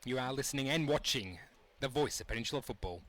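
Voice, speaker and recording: A man's voice: mid-range voice, lively intonation, quick pace, fairly bright tone. A man with an Australian accent co-commentating a local football match on radio, teasing his partner. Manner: jokey, teasing banter.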